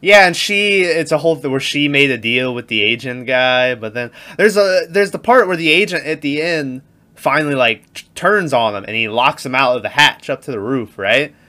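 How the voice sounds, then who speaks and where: Bright-voiced man chatting about movies. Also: mid-range voice, moderate pace. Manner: animated, laughs while retelling scenes. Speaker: podcast co-host. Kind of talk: casual movie review chat.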